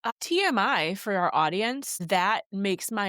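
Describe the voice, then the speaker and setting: This is a woman co-hosting a podcast, with a voice of middle pitch. She chimes in with short, dry, wry comments, and the recording is close and dry, with no room sound. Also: animated, measured pace, hardly any pauses, fairly bright tone, no room sound. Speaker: podcast co-host. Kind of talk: casual book-review chat.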